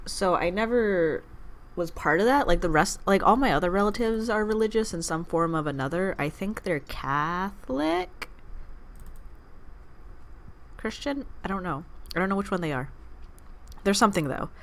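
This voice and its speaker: A woman's voice: mid-range voice, expressive, normal speed, long pauses. A woman hosting a gaming channel, chatting through let's play commentary in a rambling, distracted way and teasing the game's character. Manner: playfully teasing the game character.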